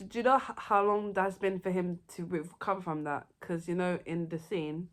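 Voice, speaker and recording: A young woman, chatting excitedly and rambling through her favourite movies in a casual vlog. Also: lowish voice, moderate pace. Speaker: vlogger. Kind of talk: casual movie review chat.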